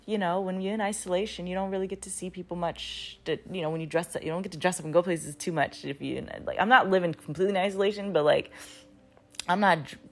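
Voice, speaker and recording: A woman in her thirties with a fairly low voice and fairly even intonation tells a story quickly in a casual vlog. She rambles, says "like" a lot, restarts sentences, and swears freely.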